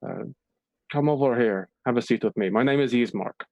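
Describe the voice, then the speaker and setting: A man voicing a weary, kindly male villager who speaks in a calm, measured and somber way. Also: mid-range voice, no room sound, natural voice.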